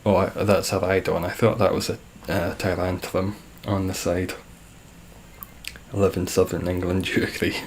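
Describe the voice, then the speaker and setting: A man's voice: deep voice, flat delivery, normal speed, a little hiss or hum. A young Scottish man chatting on a live game stream, reading viewer comments with dry, sarcastic humour. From Scotland.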